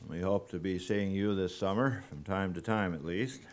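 A man giving a sermon as a guest preacher, unhurried and halting, with frequent pauses and fillers. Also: deep voice.

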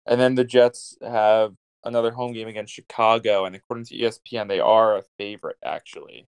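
A man's voice: lowish voice, fairly even intonation, a little fast, smooth, dry recording. A man co-hosting a casual sports podcast, giving blunt, decisive predictions. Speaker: podcast co-host.

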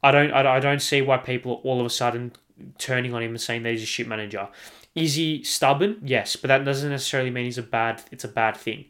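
An Australian man holds forth alone on his podcast, hammering his points home by saying them again and again. He talks at a middling pitch and swears without a second thought. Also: steady tone, quick pace, a bit bright. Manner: emphatic, repeats himself, swears freely. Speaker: podcast host. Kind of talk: solo sports podcast rant.

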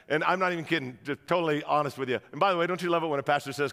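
A man preaching a sermon to a church crowd, telling stories in an animated way and rousing the audience, in a large auditorium. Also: high-pitched, quick pace, vocal fry, in a large hall. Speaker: guest pastor.

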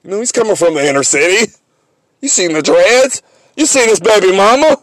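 A man hosting a sports podcast, ranting comically and mockingly, swinging between loud outbursts and low asides. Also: lively intonation, a little fast, dry recording. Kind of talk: comedic sports rant.

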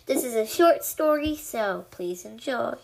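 A woman hosts her own podcast and reads her own short story aloud in a chatty, unhurried way, dropping in fillers as she goes. Her voice is high and moves through a wide, lively range. She speaks slowly and takes her time with each line. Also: vocal fry, poor audio.

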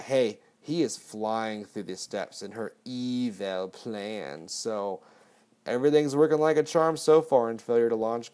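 A man's voice: on the low side, warm tone, clear, resonant tone. A man casually recapping a movie, rambling and swearing often. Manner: profane, rambling. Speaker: podcast host.

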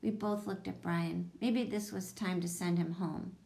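A woman narrating a children's chapter book in a steady, even storytelling voice. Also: lowish voice, unhurried, vocal fry. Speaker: audiobook reader.

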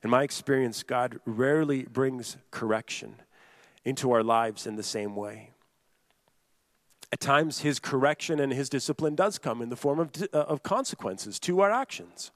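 A man's voice: mid-range voice, moderate pace, fairly bright tone, dry recording. A man delivers a sermon in a mid-range voice, earnest and emphatic. He restates his points and turns straight to his listeners. The recording is dry and close. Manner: earnest, repetitive preaching with emphatic restatements and direct address. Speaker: pastor.

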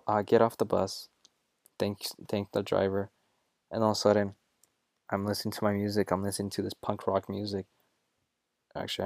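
A young man hosting his own show, telling a personal story in a casual, jokey, animated way and often correcting himself mid-sentence. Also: lowish voice, gravelly, no echo, studio quality. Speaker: show host.

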